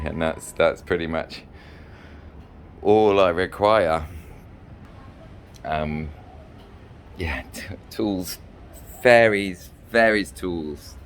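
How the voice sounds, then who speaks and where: A man's voice: rumbling low, a little hiss or hum. A man from England, telling a meandering travel story with lots of ums and restarts. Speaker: vlogger and fairy maker. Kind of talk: rambling travel anecdote. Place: small hotel room.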